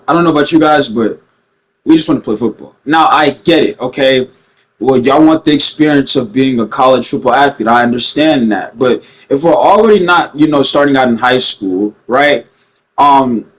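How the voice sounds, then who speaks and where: A young man rants to camera about a video game, stringing thoughts together with lots of fillers and restarts. His tone is casual and animated. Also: mid-range voice, husky, rough recording. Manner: animated and rambling, with many fillers. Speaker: gaming vlogger.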